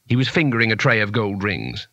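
A man narrating a fantasy story in a measured, expressive storytelling manner. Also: lowish voice, no room sound, dull audio. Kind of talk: audiobook narration.

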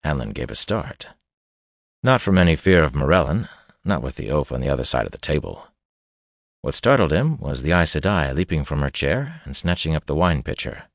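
A man narrating a fantasy novel in a measured, steady storytelling voice. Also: extremely low pitch, dry recording, clean studio sound. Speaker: audiobook narrator.

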